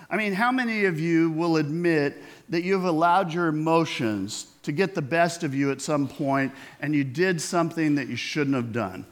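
Man preaching in a chatty, higher voice. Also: fairly bright tone. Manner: conversational preaching with rhetorical questions and quoted voices. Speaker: pastor. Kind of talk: sermon.

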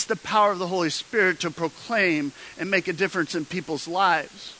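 A man preaching a sermon, his voice bright and forceful and a little high. He tells his story in a loose, conversational way, stumbling and restarting, before rising into emphatic exhortation. A faint hiss sits under the recording. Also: fairly quick, hardly any pauses, low-quality recording. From Midwestern United States. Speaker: pastor.

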